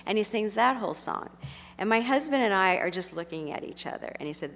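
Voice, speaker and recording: Middle-aged woman, earnest storyteller, gentle delivery, big reverberant hall. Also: medium pitch, fast, slight background noise. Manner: gentle, earnest, with frequent fillers. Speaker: speaker sharing a personal story. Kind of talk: heartfelt storytelling talk.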